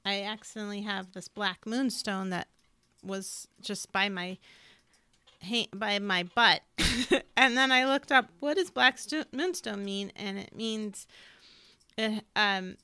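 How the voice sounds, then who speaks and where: A woman's voice: mid-range voice, fairly even intonation, slow, bright, forceful tone, clear, resonant tone, no echo. A woman co-hosting a podcast, talking in a chatty, loose way full of little asides. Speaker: podcast co-host. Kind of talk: casual spiritual chat.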